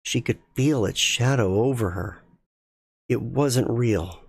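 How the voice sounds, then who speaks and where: A man reading a spooky story aloud in a slow, measured, suspenseful way as a streamer. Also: mid-range voice, creaky, breathy edge, dry recording, studio quality.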